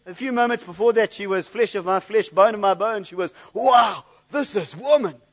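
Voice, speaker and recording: A man's voice: sits high, fast talker. A man preaching a sermon in an earnest, searching way, often repeating words as he looks for the next thought. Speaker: pastor.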